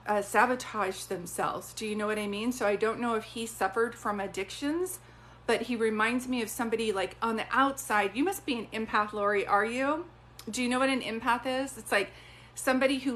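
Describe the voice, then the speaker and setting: A woman working as a psychic medium, giving readings on a live stream in a chatty, animated way. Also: mid-range voice, a little hiss or hum. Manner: chatty, animated, often acts out quoted voices.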